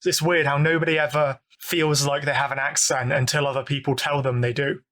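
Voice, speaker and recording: Man, British accent, young adult, podcast guest, casual chat, self-deprecating, higher pitch. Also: little pitch movement, brisk, fairly bright tone. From England. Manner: easygoing, self-deprecating, laughs along.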